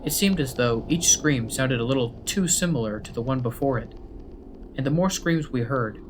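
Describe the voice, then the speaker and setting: A man telling a first-person horror story as scripted narration, in a steady, measured way. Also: medium pitch, slight background noise. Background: faint background music.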